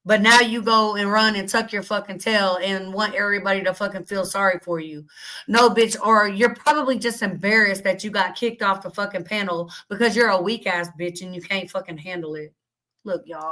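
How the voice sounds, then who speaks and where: A woman's voice: mid-range voice, fairly even intonation, a little fast, bright, forceful tone, poor audio. A young adult woman hosting a livestream, ranting bluntly to her chat with constant cursing and indignant questions. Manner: blunt, cussing, indignant, reads chat aloud. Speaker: livestream host. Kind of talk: heated profane rant to stream chat.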